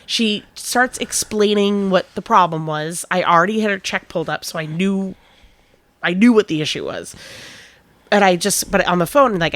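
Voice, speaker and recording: A woman's voice: fairly low pitch, fairly bright tone, dry recording. A woman and podcast co-host who manages a restaurant, telling a work story in casual chat. She swears now and then and acts out both sides of the conversation.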